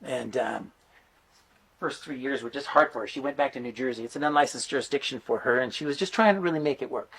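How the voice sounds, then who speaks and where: A man's voice: medium pitch, fast talker, slight background noise. A middle-aged man giving a conference talk, telling stories in a chatty way with lots of fillers. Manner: animated, chatty storyteller with many fillers. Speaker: conference speaker and teacher.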